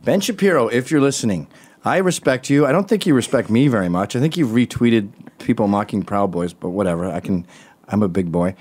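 A man's voice: lowish voice, a little fast, husky. A man hosting a casual podcast, teasing his guest and prompting questions. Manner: teasing, animated, breaks into song. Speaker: podcast host.

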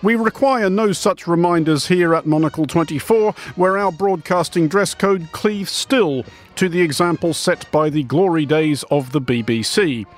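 A man reads scripted satirical news commentary with dry, elaborate wit. His voice sits a little higher than most men's. He sounds like a polished radio presenter savouring each pompous turn of phrase. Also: normal speed, soft background music.

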